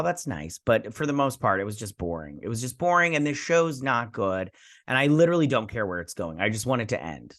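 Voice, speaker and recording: A man's voice: medium pitch, fairly bright tone, dry recording, clean studio sound. A man hosting a TV episode review channel, talking casually in a frustrated, rambling way full of fillers and restarts.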